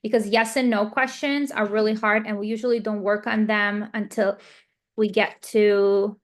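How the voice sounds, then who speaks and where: Speech therapist, woman, mid pitch, patient explainer, filler-heavy, video-call lecture. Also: little pitch movement, normal speed. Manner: explanatory, repeats points with example scenarios; frequent fillers like "um" and "like". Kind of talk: parent training lecture.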